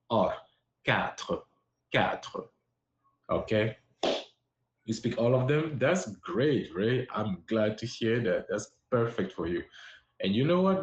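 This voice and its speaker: A man teaching a live-streamed French lesson, patiently encouraging his viewers and repeating words slowly. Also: medium pitch, reverberant, highs cut off. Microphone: live-stream app.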